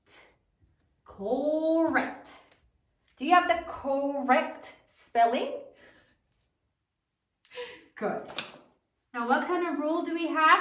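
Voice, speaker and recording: Brief: woman teacher, high lively voice, slow careful dictation, roomy and set back from the mic. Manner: slow, clearly enunciated word dictation. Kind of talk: spelling lesson dictation. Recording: roomy, from a distance.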